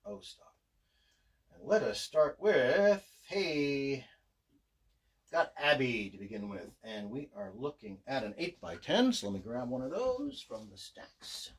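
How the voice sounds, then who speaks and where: Man, chatty livestream signer, lively up-and-down delivery, self-mocking asides. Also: medium pitch, measured pace. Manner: chatty and self-deprecating, narrating what he does. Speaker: voice actor signing autographs on a livestream. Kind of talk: casual livestream chat.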